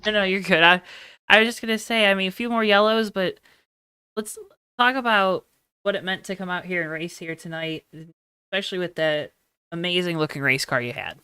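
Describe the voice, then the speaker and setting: Low smooth-voiced woman doing a post race interview, friendly and reassuring, dry close sound. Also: brisk, pushed and bright, no room sound. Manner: friendly, reassuring, rambling questions.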